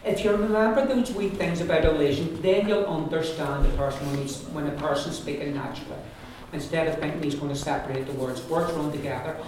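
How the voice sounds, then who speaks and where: In a noisy, echoey room recorded from a distance, a man teaches a language class, explaining with loose restarts and frequently checking in with students. His voice sits on the high side with a darkish tone, and he talks briskly with hardly any pauses.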